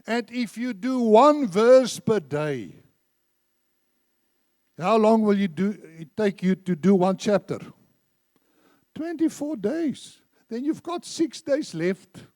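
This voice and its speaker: Man, sermon, high-pitched, slow and emphatic, repeats phrases, leads group recitation, dry close sound. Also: big pitch swings, a little mellow, dry recording. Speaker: church speaker. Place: church.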